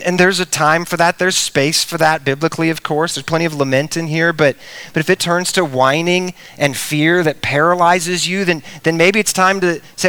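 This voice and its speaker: A middle-aged man preaching a sermon, animated, with big swings in pitch and volume, sometimes speaking straight to the children. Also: clean tone, no echo. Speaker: pastor.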